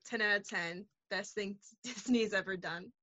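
A woman's voice: mid-range voice, moderate pace, bright, forceful tone, no room sound, lo-fi sound. A woman in her twenties co-hosting a podcast in casual chat, upbeat and enthusiastic, recorded at home. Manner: upbeat, enthusiastic, laughs often. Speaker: podcast co-host.

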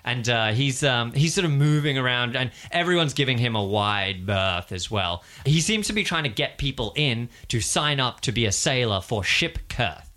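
A man's voice: mid-range voice, expressive, normal speed, few pauses, bright, forceful tone. A man narrating a tabletop game as game master, describing scenes in a chatty, descriptive way.

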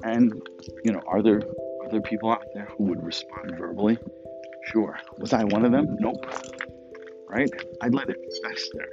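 Man, reflective talk, chatty rhetorical asides, fairly low voice, clear music underneath. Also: moderate pace, highs cut off. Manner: conversational, rhetorical asides and "right?" checks. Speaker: speaker reflecting on religious practice.

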